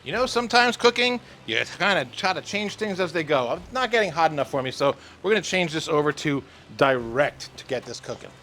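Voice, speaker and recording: A man's voice: a little high, animated, a little fast, sharp tone. A man hosting his cooking vlog outdoors at a grill, chatty and enthusiastic, often checking in with "okay". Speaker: cooking show host. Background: rain and light music.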